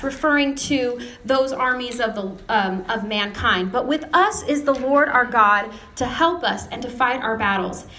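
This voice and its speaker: A woman preaching a sermon, telling stories with lively retold dialogue. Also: high voice, slight background noise. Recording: echoey room.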